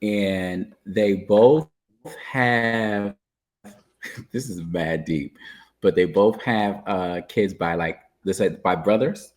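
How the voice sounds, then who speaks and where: A man hosting a podcast in relaxed, chatty conversation who laughs easily. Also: sits low, drawn-out words. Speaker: podcast host. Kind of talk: casual conversation.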